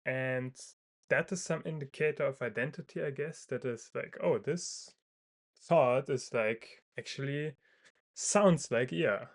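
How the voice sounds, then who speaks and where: A man talks through his thoughts in a loose, casual monologue. He hesitates often, restarts sentences and leans on fillers, in a mid-pitched, ordinary voice. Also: a little slow. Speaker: video creator. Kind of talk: thinking aloud, casual monologue.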